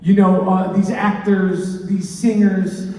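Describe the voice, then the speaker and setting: A man does stand-up in a big hall, rambling and circling back through fillers and restarts. His voice runs fairly high but mellow in tone. It's picked up from a distance, with a long echo hanging in the room. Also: flat delivery, slow pace. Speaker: comedian. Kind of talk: stand-up comedy. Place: large hall with an audience. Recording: echoey hall, mic from far off.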